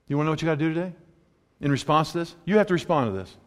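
A man's voice: fairly high pitch, fast talker. Conversational preacher man, hall reverb. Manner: conversational, wry, animated asides. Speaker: pastor. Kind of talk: sermon.

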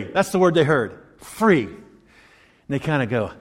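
A male pastor delivers a sermon with lively, swooping inflection. He slips into mocking voices to act out the people he quotes and breaks into laughter often. The sound carries a long reverb, as if recorded in a large hall. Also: mid-range voice, unhurried, long pauses.

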